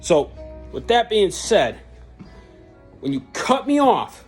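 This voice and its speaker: A vlogger ranting to camera in a heated, blunt, sweary way, jumping between loud peaks and low grumbles. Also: big pitch swings, takes it slowly, pauses often, slightly rough, soft background music. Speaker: truck channel vlogger. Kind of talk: angry profane rant to camera.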